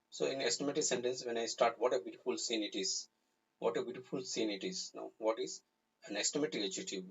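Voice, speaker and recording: Husky-voiced man teaching grammar. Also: medium pitch. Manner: explains slowly with repeated examples. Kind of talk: live online grammar lesson. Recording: slightly dull, lo-fi recording.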